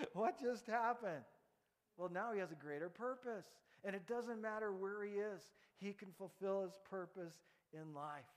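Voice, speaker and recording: A man's voice: high-pitched, moderate pace, few pauses, big-room sound. A male pastor preaching a sermon, telling stories, asking the congregation to repeat after him, and often restarting words. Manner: storytelling, interactive, repeats words.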